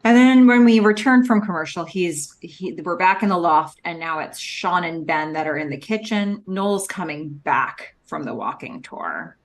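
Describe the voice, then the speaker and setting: A woman's voice: fairly low pitch, animated, moderate pace, hardly any pauses. A woman co-hosting a podcast, recapping a TV episode in casual chat and playfully acting out the characters' lines. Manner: playful, jumps into exaggerated character quotes. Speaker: podcast co-host.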